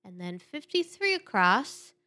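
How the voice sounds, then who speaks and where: A woman hosting a casual podcast chat, easygoing and quick to laugh. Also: medium pitch, big pitch swings, sharp tone. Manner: giggly, easygoing, laughs often. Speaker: podcast host. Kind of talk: casual chat about crossword puzzles.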